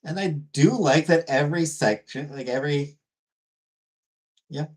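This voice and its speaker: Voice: medium pitch, measured pace. A podcast host in casual chat about a cartoon, rambling with many fillers and restarts.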